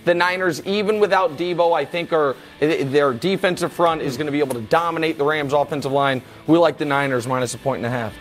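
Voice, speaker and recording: A man's voice: a little high, fast, few pauses. A man co-hosting a football picks show, bantering and teasing with mock outrage. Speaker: sports show co-host.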